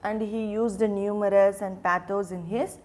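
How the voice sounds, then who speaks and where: A woman with a mid-range, steady, slightly mellow voice teaches a literature lesson. She poses questions and answers them herself. She speaks slowly, often repeating names and words and restarting phrases as she explains.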